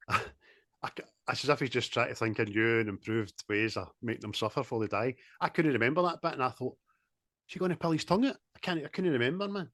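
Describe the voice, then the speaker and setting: A man in casual, sweary film chat, animated and quick to laugh, talking over a video call. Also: mid-range voice, dry recording, studio quality. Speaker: podcast co-host.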